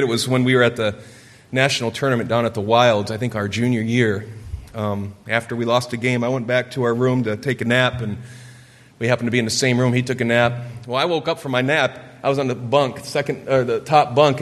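A man in his forties from Michigan telling a personal story during a sermon, earnest and lively. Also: mid-range voice. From Michigan, USA. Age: 40s. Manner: earnest storytelling, gets lively acting out quotes. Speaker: preacher. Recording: long hall reverb.

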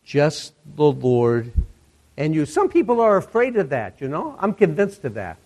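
Slow, high-voiced male preacher. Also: wildly swooping pitch, darkish tone. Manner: slow, deliberate reading of scripture with emphatic repetition. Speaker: pastor. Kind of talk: sermon.

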